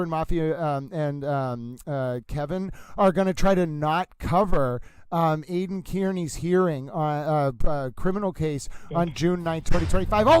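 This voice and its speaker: A young man hosting a livestream, shouting theatrical announcer-style lines into his microphone. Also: fairly high pitch, smooth, no echo. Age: young adult. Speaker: livestream host. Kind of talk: excitable livestream commentary. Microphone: desk microphone.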